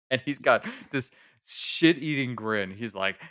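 A man co-hosting a podcast, rambling through a movie scene with laughs and quick bursts of acted-out dialogue. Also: medium pitch, a bit bright, no echo, clean studio sound. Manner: rambling, laughing, acts out characters' lines. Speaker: podcast co-host. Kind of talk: casual chat recapping a movie.

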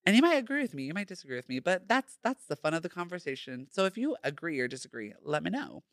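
A man's voice: a little high, big pitch swings, fast, a bit bright, no echo, studio quality. A young man hosting a casual solo podcast, sassy and playful, full of slang. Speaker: podcast host.

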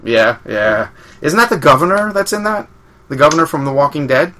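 Bright-voiced man hosting casual chat. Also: fairly high pitch, sing-song, slight background noise. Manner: easygoing, quick to laugh.

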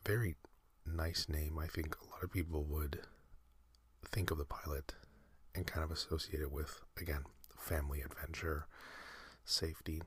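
A man hosting a sleep podcast, talking in a soft breathy whisper, slow and meandering with many fillers. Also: extremely low pitch, fairly even intonation, no room sound. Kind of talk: rambling whispered sleep talk.

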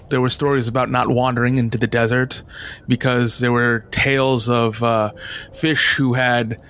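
A man with a medium-pitched voice runs a tabletop game as game master. He describes the scenes in a relaxed way, sprinkling in fillers.

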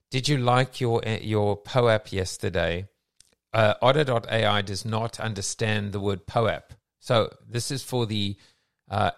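A man hosts a relaxed online chat, musing aloud in a rambling way. His voice sits low with a gravelly, creaky texture. The sound is dry and close. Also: dry recording. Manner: rambling and reflective, many fillers. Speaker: host of a daily online audio coffee chat. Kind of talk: casual chat.

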